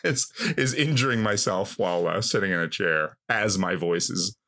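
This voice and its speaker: A man in his fifties, a guest telling a funny story from his youth in a casual, animated, self-mocking way, filling his speech with "like" and "you know". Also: sits low, moderate pace, creaky, very noisy. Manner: animated, self-mocking, heavy use of filler words.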